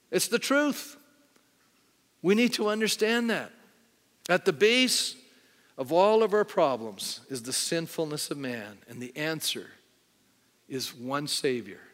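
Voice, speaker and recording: Long hall reverb and faint music accompany a middle-aged male pastor whose high voice sounds a bit bright. Preaching in a church sanctuary, he gives a conversational sermon with an altar call and frequently puts questions to the congregation.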